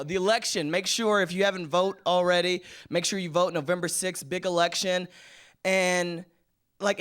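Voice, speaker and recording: A young male comic works a live studio stage, and his voice is fairly high and smooth. He keeps a chatty, casual flow and drops into slangy impressions of his friends. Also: fairly bright tone. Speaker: stand-up comedian. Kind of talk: stand-up comedy set.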